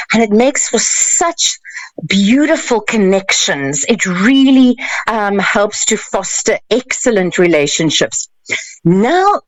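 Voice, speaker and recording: Lady coach on the radio, lively up-and-down voice, slow and deliberate. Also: mid-range voice, no room sound, low-quality recording. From South Africa. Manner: animated, emphatic, playful. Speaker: life coach guest. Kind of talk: radio advice talk. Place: radio studio.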